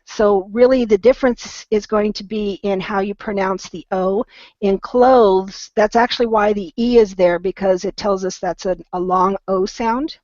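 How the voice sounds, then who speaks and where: A woman teaching an online English lesson, patiently correcting pronunciation and slowing down to model words. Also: medium pitch, steady tone, darkish tone, no echo. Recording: dull, slightly lo-fi sound.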